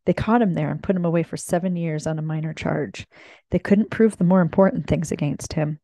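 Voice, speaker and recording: A woman's voice: low voice, fairly quick, creaky, dark tone, no room sound. A woman voicing a clever, adventurous man in a read-aloud mystery, with a wry, self-assured delivery.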